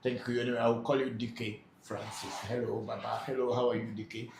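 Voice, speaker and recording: Speaking quickly in a creaky, darkish medium-pitched voice with little pitch movement, this man hosts a live question-and-answer session as a spiritual teacher. He reads out comments from viewers and explains patiently, hesitating often. Faint noise sits under the echoey room sound.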